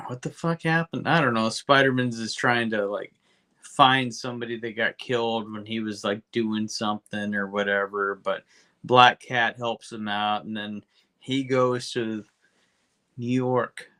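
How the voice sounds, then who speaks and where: A man co-hosting a podcast, rambling through a comic book recap with lots of swearing and quick character asides. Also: lowish voice, fairly even intonation, pushed and bright, clear, resonant tone. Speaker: podcast co-host.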